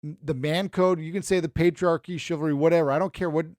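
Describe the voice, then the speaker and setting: A man's voice: fairly high pitch, fairly even intonation, fast talker, darkish tone, no room sound. Emphatic opinionated man, dry sound. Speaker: podcast co-host. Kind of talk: casual chat.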